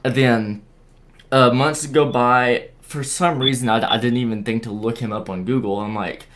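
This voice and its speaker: Young man guest, stammering storyteller, casual, middle-pitched voice. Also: fairly even intonation, fairly bright tone. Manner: halting, repeats words and restarts often. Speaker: guest sharing a paranormal experience. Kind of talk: casual storytelling on a video call.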